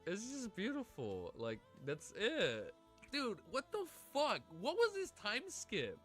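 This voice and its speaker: A man livestreaming, reading a novel aloud and reacting. He is excitable, emotional and swears constantly, with a stuffy nose. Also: sits high, takes it slowly, soft background music.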